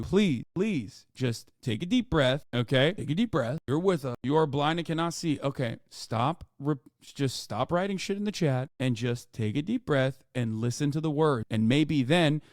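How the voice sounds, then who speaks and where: A man's voice: a little high, no room sound, clean studio sound. Profane man scolding his chat. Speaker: streamer reacting to a clip. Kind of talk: heated livestream commentary.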